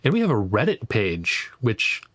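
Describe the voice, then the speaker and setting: A man narrating as game master, describing scenes in a halting way with frequent fillers. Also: mid-range voice, huge pitch swings, a bit bright, no room sound.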